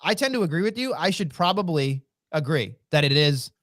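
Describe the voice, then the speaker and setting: A man's voice: on the high side, big pitch swings, a little fast, a bit bright, no room sound, studio quality. A man co-hosting a podcast, talking in casual, joking banter and swearing freely. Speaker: podcast co-host.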